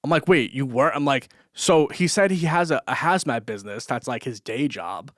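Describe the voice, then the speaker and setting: A man's voice: medium pitch, animated, normal speed, a bit bright, no echo, studio quality. A young man telling a long story on his vlog, rambling and swearing with lots of fillers and laughs. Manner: rambling, profane, full of fillers, laughs often. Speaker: vlogger. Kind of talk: casual storytelling monologue.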